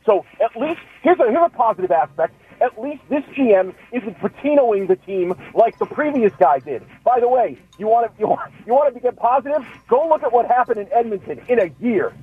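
Husky male caller on a tinny phone. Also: very high-pitched, expressive, a little fast, few pauses. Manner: argumentative, rambling. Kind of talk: calling in to sports radio. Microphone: telephone.

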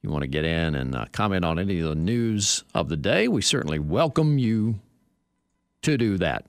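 A man's voice: low-pitched, very animated, moderate pace, vocal fry, no echo, clean studio sound. A man hosting a sports radio show, chatting casually and wryly, reading copy aloud with playful emphasis. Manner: wry, reads copy aloud with exaggerated emphasis. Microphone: studio microphone.

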